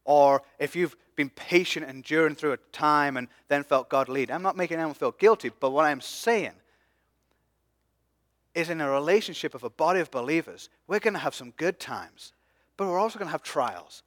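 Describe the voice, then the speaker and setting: A man preaching a sermon as pastor, passionate, swinging from hushed asides to loud emphatic peaks. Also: a little high, lively intonation, normal speed, no echo, clean studio sound.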